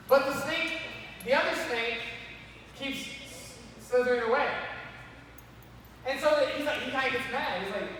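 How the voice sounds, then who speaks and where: A man preaching to kids, animated and repeatedly calling them to listen. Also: very high-pitched, fairly quick, long pauses. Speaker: youth speaker. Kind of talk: sermon to kids. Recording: echoey hall from far off, faint noise.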